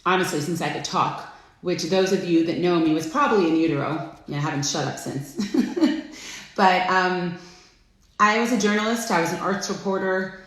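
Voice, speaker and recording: A middle-aged woman hosting a casual live stream, chatty and friendly, greeting viewers by name with bursts of excitement. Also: lowish voice, normal speed. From Florida. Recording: echoey room.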